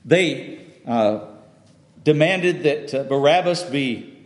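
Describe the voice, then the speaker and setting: A man preaching a slow, deliberate sermon in a church sanctuary. He stumbles and repeats words, then builds to loud emphatic peaks. The recording is roomy and echoey, with a long reverb tail. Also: on the high side, lively intonation. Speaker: pastor.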